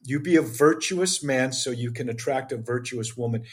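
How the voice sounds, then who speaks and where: A man's voice: mid-range voice, normal speed, hardly any pauses, breathy edge. An older man as a podcast guest, speaking with passion in an emphatic, preachy way. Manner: emphatic, preachy, acts out dialogue. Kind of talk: impassioned interview talk.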